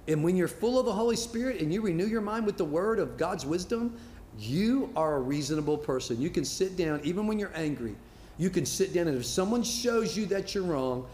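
A middle-aged male pastor preaching in an echoey church hall with faint noise behind him. His voice sits a little high, and he keeps a loose, conversational preaching manner. He repeats words as he goes and acts out the people he quotes. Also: a little mellow. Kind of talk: sermon. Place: church sanctuary.

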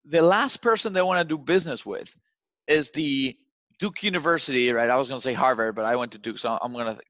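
A man talks through sales advice in a loose, chatty way, filling his points with "like" and checking in with "right?". His mid-pitched voice comes through a dull, narrow recording. The sound is dry, with no room echo. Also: brisk, a bit bright. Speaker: sales coach. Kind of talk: casual advice chat.

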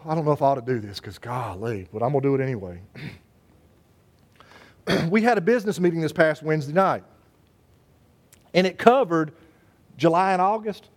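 High-voiced folksy pastor, man. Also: animated, normal speed, long pauses. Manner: folksy, joking, addresses congregation by name. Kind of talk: sermon.

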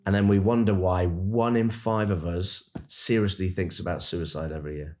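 A man with a very low voice, talking on a podcast as a dentist turned coach. He speaks in an earnest, animated way, like someone used to coaching a room. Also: moderate pace. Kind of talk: casual podcast storytelling.

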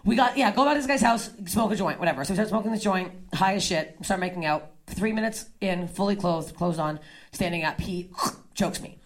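A young woman doing stand-up comedy, telling crude stories and throwing quick asides to the audience. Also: mid-range voice. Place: comedy club stage before a laughing crowd. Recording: live club with audience laughter.

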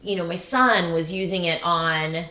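A middle-aged woman co-hosting a casual talk, animated, acting out quoted phrases. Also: on the low side, roomy sound. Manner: animated, quick asides, acts out quoted phrases. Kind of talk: casual conversation.

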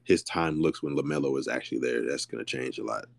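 A man co-hosting a podcast, talking basketball in a laid-back way with drawn-out fillers. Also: rumbling low, creaky. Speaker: podcast co-host. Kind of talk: casual sports chat.

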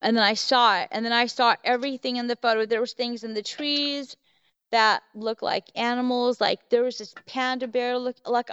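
A woman's voice: fairly high pitch, steady tone, moderate pace, fairly bright tone, clear, resonant tone, no room sound, highs cut off. A middle-aged woman, a podcast guest, telling a story in a rambling way full of fillers and restarts. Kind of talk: casual storytelling.

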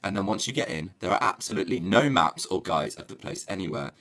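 A man's voice: deep voice, lively intonation, fast, fairly bright tone. A man co-hosting a podcast in giggly casual chat, reading out reviews and mock-scolding his partner. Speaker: podcast co-host.

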